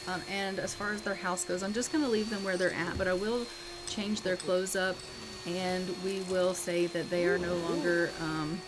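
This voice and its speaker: A woman's voice: fairly low pitch, fairly even intonation, moderate pace, noisy background. A woman casually narrating her life-sim gameplay as host, chatty and full of "you know" and "um".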